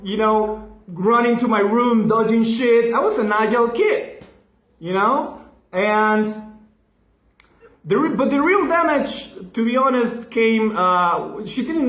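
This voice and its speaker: Mexican-accented comedian in an echoey room. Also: male voice, high voice. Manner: deadpan, profane, acts out voices. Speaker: stand-up comedian. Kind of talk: stand-up set at a virtual gig.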